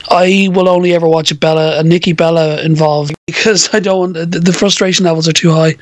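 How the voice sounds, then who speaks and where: A chatty, giggly man co-hosting a podcast, tripping over his words as he goes. His voice is a touch high, and the recording is dry and close. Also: steady tone, a little fast, dry recording. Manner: chatty, giggly, stumbling restarts. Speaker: podcast co-host. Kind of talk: casual wrestling recap chat.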